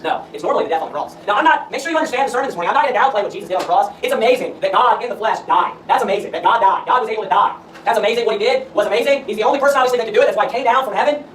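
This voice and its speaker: A man preaching at a rapid clip, firing rhetorical questions and reading scripture between his points. He sounds set back from the microphone in a roomy space, with a faint hum of the room behind him. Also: sits high, lively intonation, a bit bright. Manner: emphatic, asks rhetorical questions. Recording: roomy echo, far from the mic, faint room noise.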